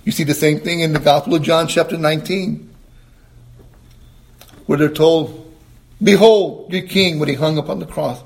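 High-voiced preacher delivering an emphatic sermon. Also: male voice, gravelly. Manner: emphatic, rising to high exclamations, asks the congregation questions; quotes scripture in a slower, lower voice.

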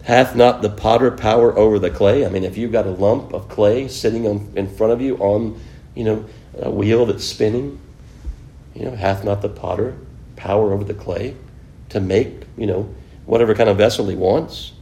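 Here a man with a fairly low pitch and dark tone speaks at normal speed. He's teaching a casual Bible lesson in a conversational way, putting questions to the class and leaning on "you know" a lot.

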